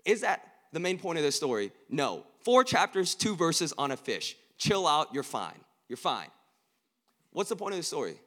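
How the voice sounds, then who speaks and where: A young man preaching a casual, joking sermon to college students. He swings between hushed earnest lines and loud emphatic bursts. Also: fairly high pitch, sing-song, moderate pace. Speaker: campus ministry speaker.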